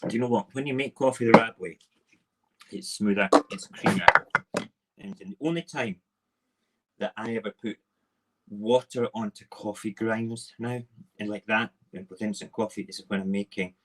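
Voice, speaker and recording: A man's voice: fairly low pitch, moderate pace, long pauses, a bit bright, a little hiss or hum, rough recording. A man hosting a casual morning live stream from his home kitchen on his phone, talking in a chatty, rambling, playful way.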